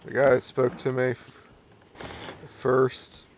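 Gravelly, slow-talking young gamer guy. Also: mid-range voice, completely flat delivery, slight background noise. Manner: nervous, jumpy, laughing it off. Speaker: let's play gamer. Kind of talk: horror game commentary.

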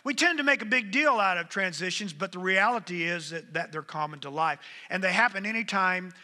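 A man's voice: high-pitched, fairly quick, pushed and bright. A middle-aged man preaching a sermon, talking conversationally and calling out to the congregation. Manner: conversational, engages the congregation with "come on". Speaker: pastor. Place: church sanctuary. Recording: long hall reverb.

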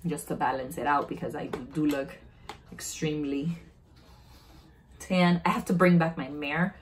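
Low-voiced woman, chatty makeup vlog. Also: fairly even intonation, normal speed, slight background noise, rough recording. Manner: chatty, self-narrating, easily delighted. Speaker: beauty vlogger. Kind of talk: casual makeup unboxing chat.

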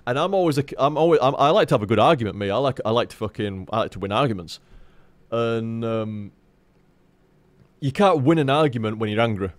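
A man chatting to his stream viewers in a frank, rambling way, with plenty of swearing and restarts. His voice sits at an average pitch and comes through a dry, close mic with no room sound. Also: a little fast, dry recording. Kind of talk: casual live-stream chat.

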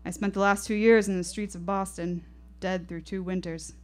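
A woman's voice: medium pitch, steady tone, moderate pace. A woman in her twenties telling a first-person story on stage, vivid and reflective. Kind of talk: live storytelling performance. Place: stage at a live show.

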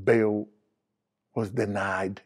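A man's voice: on the low side, little pitch movement, very slow, breathy edge. A man giving his spoken testimony as a preacher, candid and plainspoken with street phrasing, rising animatedly when he retells conversations.

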